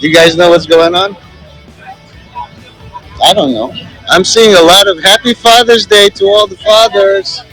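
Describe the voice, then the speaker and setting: A man's voice: sits high, unhurried, pauses often, a bit bright, faint music behind, low-quality recording. A man vlogging on a city plaza outdoors, rambling and joking into a handheld phone. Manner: rambling and joking, many fillers. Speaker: street vlogger. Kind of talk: casual walking commentary.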